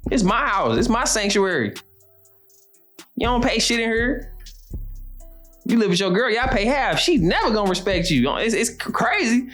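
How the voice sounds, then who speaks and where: Young guy preaching real talk, blunt and repetitive, slangy, soft music under him. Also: high-pitched, very animated, normal speed, pauses often. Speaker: show host. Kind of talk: motivational monologue.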